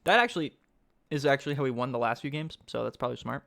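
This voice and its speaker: A man giving live-stream commentary on a card game tournament, excitable and thinking aloud, often asking his chat questions. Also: mid-range voice, quick pace, vocal fry.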